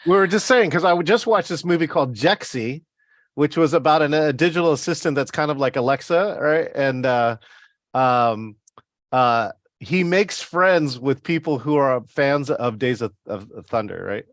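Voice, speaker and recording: A man in casual conversation, excitable and tripping over his words. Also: a little high, normal speed, dry recording, clean studio sound. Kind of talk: casual chat.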